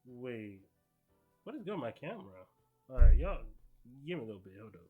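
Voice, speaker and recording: A young man hosting a casual manga reaction vlog, excitable and slangy, swearing and talking straight to his viewers. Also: mid-range voice, brisk, narrow, tinny audio, faint music behind.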